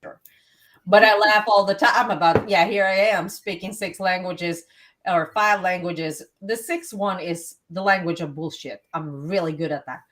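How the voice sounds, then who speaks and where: A woman's voice: on the low side, normal speed, fairly bright tone. A Swedish-born woman living in the US co-hosting a podcast in casual chat, chatty and self-mocking and laughing often. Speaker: podcast co-host.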